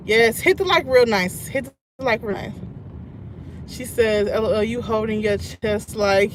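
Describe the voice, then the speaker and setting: A high-pitched woman talks casually to her viewers while stuck in traffic, greeting people by name and laughing loudly. She is recorded on a phone inside the car, with faint road noise underneath. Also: moderate pace, rough recording. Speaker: live streamer. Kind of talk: casual live-stream chat while driving.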